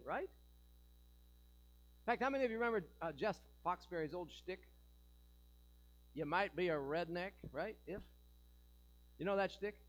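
A man's voice: extremely high pitch, low-quality recording. A man preaching a sermon in a church, joking and asking the congregation rhetorical questions. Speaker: pastor.

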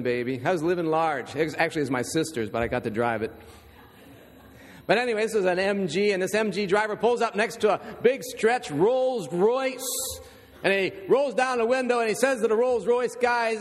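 High-voiced pastor preaching in a reverberant hall. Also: male voice. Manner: storytelling, conversational asides to the congregation. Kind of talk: sermon. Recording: long reverb in a large hall.

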